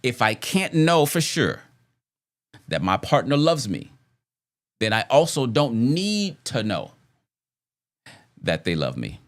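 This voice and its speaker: A man's voice: medium pitch, huge pitch swings, takes it slowly, long pauses. A man hosting a podcast, speaking casually about relationships with rhetorical questions and frequent repeated phrases. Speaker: podcast host.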